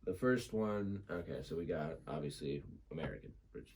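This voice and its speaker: A young man talking casually as a podcast guest, laughing often and slipping into quick impressions. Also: a bass voice, darkish tone, slight background noise. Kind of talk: casual chat.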